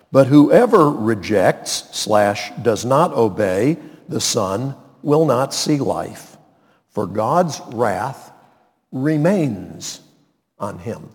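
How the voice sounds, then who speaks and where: Expressive preacher with hall reverb. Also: male voice. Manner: dramatic swings in pitch and loudness, slows for emphasis. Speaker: pastor. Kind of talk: sermon.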